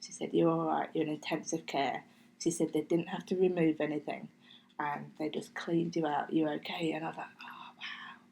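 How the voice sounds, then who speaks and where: Gravelly-voiced woman telling a story. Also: low-pitched, flat delivery, normal speed, darkish tone, poor audio. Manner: chatty, acts out quoted speech, slips into near-whispers. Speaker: podcast guest. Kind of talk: casual interview storytelling.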